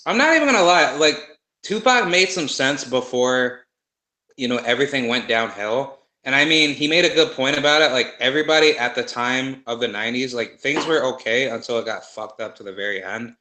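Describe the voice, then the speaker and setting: A man in casual conversation, rambling and animated with many fillers and restarts. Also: mid-range voice, fairly quick, reverberant, poor audio. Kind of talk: casual conspiracy chat.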